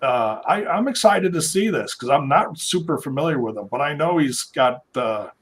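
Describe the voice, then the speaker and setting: Male podcast co-host, a bit high-pitched, stop-start casual delivery, lots of fillers. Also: animated, normal speed, a bit bright, breathy edge. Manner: hesitant, many fillers and restarts. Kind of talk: casual chat.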